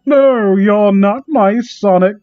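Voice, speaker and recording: Man voicing a scared young woman, high pleading cries, shrill, dull lo-fi sound. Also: takes it slowly, clean tone, no room sound. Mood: frightened.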